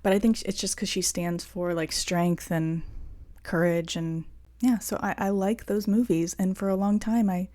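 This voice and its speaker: A woman in her thirties hosting a podcast, talking through personal reflections in an earnest, halting way with lots of restarts and fillers. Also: mid-range voice, steady tone, dark tone. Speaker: podcast host.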